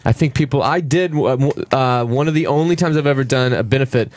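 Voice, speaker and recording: A man's voice: mid-range voice, brisk, darkish tone, no room sound. A comedian in casual radio chat who speaks hesitantly and thoughtfully, restarting his sentences. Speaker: comedian guest.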